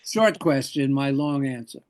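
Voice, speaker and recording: A man's voice: mid-range voice, animated, unhurried, a little mellow. An older man, an actor, telling rambling anecdotes in an interview, often correcting himself mid-sentence. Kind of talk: storytelling interview answer.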